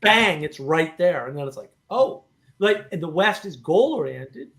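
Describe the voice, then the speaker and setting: A man hosting a casual discussion, animated and talking in bursts with many "right?" asides. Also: a little high, moderate pace. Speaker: host.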